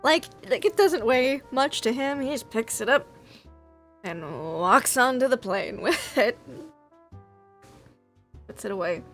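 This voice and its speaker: A woman's voice: high voice, expressive, unhurried, long pauses, a bit bright, faint music behind. A woman narrating as game master of a tabletop game, meandering with many fillers.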